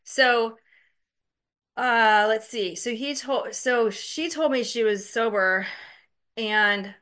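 A woman's voice: fairly high pitch, slow, fairly bright tone. A woman casually telling a personal story, candid, profane and self-mocking, chatty with lots of fillers.

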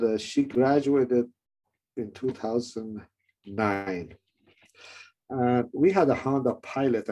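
A middle-aged man with a non-native English accent, telling his own story in a rambling, halting way with many restarts. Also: lowish voice, dark tone, husky. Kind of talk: personal testimony.

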